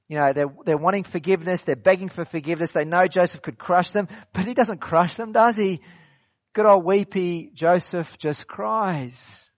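A man's voice: high-pitched, dry recording, highs cut off. A man preaching an expository sermon in a conversational way, repeating phrases and asking rhetorical questions. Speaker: pastor.

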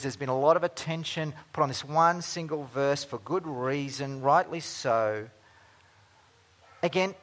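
A man delivers a sermon from the pulpit with earnest conviction. His voice sits slightly high for a man, and he moves between emphatic, raised passages and quiet, hushed ones. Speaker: pastor.

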